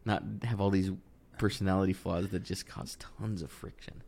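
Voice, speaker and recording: Low-voiced man in animated casual chat. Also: moderate pace. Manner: animated, rising in pitch when worked up, many restarts.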